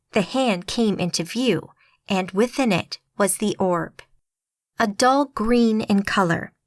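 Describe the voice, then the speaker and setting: A woman narrates an urban fantasy audiobook in a steady, even way. Her voice sits in a middle pitch. The booth is dry, with no room sound. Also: no room sound. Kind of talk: scripted narration.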